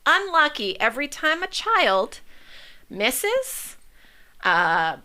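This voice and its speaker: A woman's voice: high-pitched, slow. A woman guest in a casual podcast chat, telling blunt, sweary stories. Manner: blunt, swears freely, animated storytelling.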